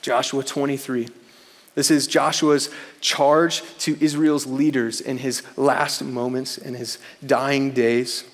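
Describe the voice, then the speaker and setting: A man preaching a sermon in a casual, earnest way, often saying "man" and slowing down to read scripture aloud for emphasis. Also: mid-range voice, little pitch movement, long reverb tail. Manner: earnest, conversational preaching with frequent "man" interjections.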